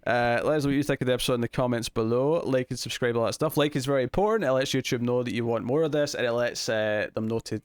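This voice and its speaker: A young Scottish man banters his way through a TV review, teasing his co-host and breaking into laughs. His voice sits at an ordinary middle pitch, and the sound is close and dry with no room around it. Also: fast, hardly any pauses, smooth, no echo. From Scotland. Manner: joking, laughs often, teasing. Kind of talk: casual chat.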